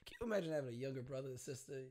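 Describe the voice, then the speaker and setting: A man's voice: medium pitch, animated, very fast, dark tone. A man, a comedian guest on a podcast, reacting and interjecting with laughs in casual chat.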